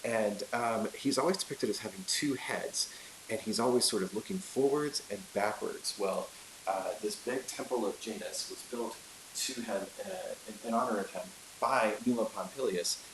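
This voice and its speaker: A man's voice: on the low side, moderate pace. A man teaching a class in a chatty storytelling way, with many fillers and asides, recorded in an echoey room with hiss. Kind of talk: casual classroom lecture.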